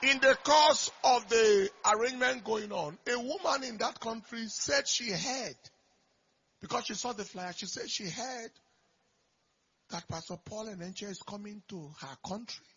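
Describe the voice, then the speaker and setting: Man, pastor, sermon, bright sharp tone, emphatic storytelling. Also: very high voice, unhurried, husky. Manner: emphatic storytelling, surges in volume. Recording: dull lo-fi recording.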